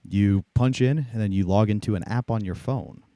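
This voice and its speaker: Male comedian co-host, deep voice, dry delivery, dead-dry studio. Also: normal speed, dark tone, no room sound. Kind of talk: casual chat.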